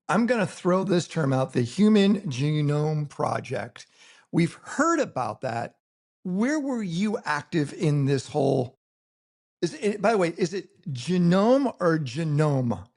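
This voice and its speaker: An enthusiastic man hosts an interview in a slightly raised, fairly high voice. He asks his questions eagerly and conversationally, with clear interest in his guest. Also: big pitch swings, a little slow, darkish tone. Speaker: interview host.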